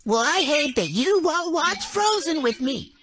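A woman in casual couple banter, telling animated stories and mimicking her partner. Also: sits high, a little slow. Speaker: half of a couple, content creator.

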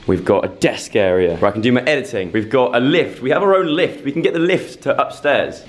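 Excited lad touring a hotel suite. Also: male voice, medium pitch, brisk. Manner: chatty, joking, talks to fish. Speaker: vlogger. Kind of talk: casual excited vlog tour.

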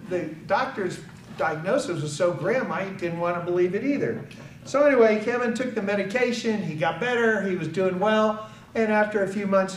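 Heard from a distance in an echoey hall with faint ambience and a slight hiss or hum, an older man from the United States speaks in a high voice. His earnest public speech tells a personal story, complete with impressions of the people involved.

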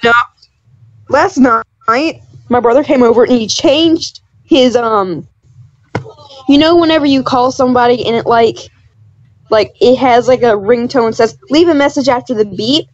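A woman's voice: a little high, normal speed, no echo. A young woman chatting casually as a podcast guest, rambling through stories and giggling often. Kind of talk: casual chat. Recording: dull dry lo-fi mic.

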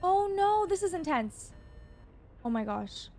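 A woman hosting a reaction video, excitable and gasping often, talking to her viewers. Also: extremely high pitch, unhurried.

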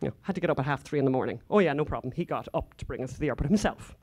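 A woman's voice: very deep voice, lively intonation, very fast, a little mellow, slightly rough. Irish woman, conference speaker, rambling anecdotes, lots of asides. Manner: chatty, rambling, frequent asides and fillers. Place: conference hall stage.

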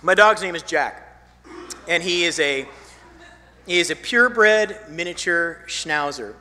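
Pastor with a bright voice in a big hall. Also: male voice, fairly high pitch, a little slow. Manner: storytelling, swinging from emphatic to hushed; repeats phrases for emphasis. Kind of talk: sermon. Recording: long hall reverb.

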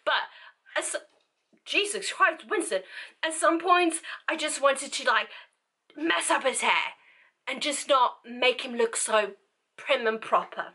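A woman's voice: high voice, lively intonation, slow pace, long pauses, sharp tone. A woman book vlogger chatting casually to camera, rambling and self-interrupting as she talks.

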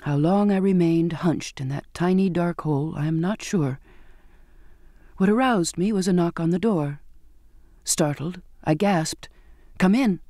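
A man narrating a novel in first person with a measured, expressive reading. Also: fairly high pitch, no echo, clean studio sound. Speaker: audiobook narrator. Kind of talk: scripted narration.

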